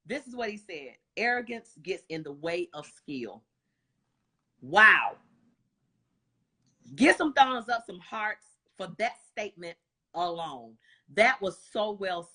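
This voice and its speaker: A woman's voice: lowish voice, pushed and bright, husky. A woman hosting a live stream show, gushing and effusive in casual chat.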